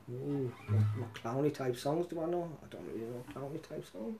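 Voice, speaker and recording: A man's voice: medium pitch, animated, a little fast, vocal fry, few pauses. A man rambling casually on a live stream between songs, swearing and laughing often. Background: loud acoustic guitar.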